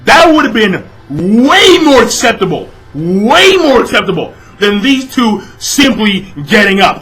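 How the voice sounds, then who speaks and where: A young man's high-sitting, sing-song voice, fairly bright in tone, carries an unhurried manga chapter review with hardly any pauses. He's casual and exasperated, swearing constantly and packing in fillers. The recording quality is low.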